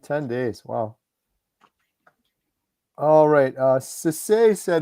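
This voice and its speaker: A man's voice: fairly high pitch, animated, drawn-out words, long pauses, warm tone, no room sound, clean studio sound. A man hosting a live Q&A, reading viewer questions aloud in an upbeat way. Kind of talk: live Q&A chat.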